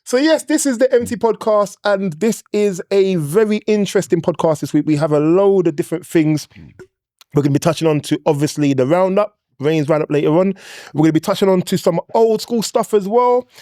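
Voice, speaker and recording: A man's voice: high-pitched, brisk, dark tone, no echo, clean studio sound. A man hosting a casual podcast, introducing guests in an upbeat way. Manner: upbeat, repeats words when introducing. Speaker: podcast host.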